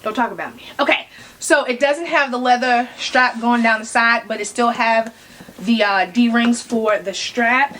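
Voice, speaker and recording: Excitable lady vlogger unboxing stuff, high bright voice, slangy, keeps telling herself to calm down. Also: unhurried, slight background noise. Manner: excitable, talks to herself, bursts into laughter and whispers; chatty slang-filled banter with viewers. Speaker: fashion vlogger.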